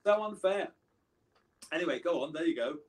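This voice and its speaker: A man in his seventies from England, a guest musician, speaks expressively at a moderate pace in a slightly high voice. His casual interview chat is full of meandering anecdotes and restarted sentences.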